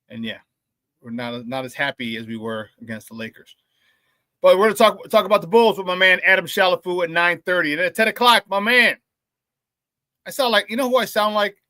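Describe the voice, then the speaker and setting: A male morning sports radio host talking in a loose, hyped-up, slangy way. His voice is fairly high and bright. He is recorded in a dry studio close to the mic. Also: no echo. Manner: energetic, slangy hype. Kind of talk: casual morning sports talk.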